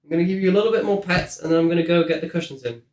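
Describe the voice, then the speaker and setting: A man's voice: on the high side, rapid-fire, a little mellow, echoey room. A man streaming a game in casual chat, playful and chatty, cooing to his cat at home.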